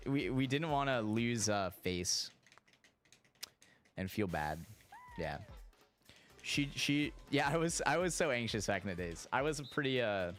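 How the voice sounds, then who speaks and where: A young man streaming, telling a story casually, animated and profane, his voice shooting up when excited and sinking low when he reflects. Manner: animated, swearing, jumps high in pitch when excited.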